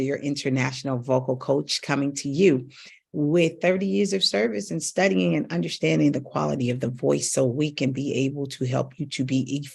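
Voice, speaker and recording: A middle-aged woman vocal coach giving an emphatic coaching talk straight to her audience, with sudden leaps up in pitch. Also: vocal fry, darkish tone, husky.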